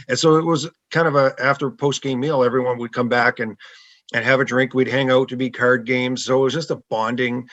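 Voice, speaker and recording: A man's voice: mid-range voice, a bit bright, dry recording. Laid-back storytelling man, dry dull sound. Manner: laid-back anecdotal, laughs often. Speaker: guest, former hockey goalie. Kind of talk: casual podcast storytelling.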